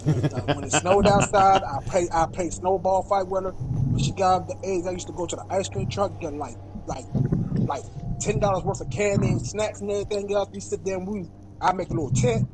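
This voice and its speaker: A higher-voiced man in his forties rambles through fond stories between rounds of a game, looping back on himself as he talks. Loud game music runs behind his casual chat. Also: fairly even intonation, a little fast, low-quality recording. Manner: rambling, repetitive storytelling. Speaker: gaming streamer. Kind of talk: casual chat while gaming.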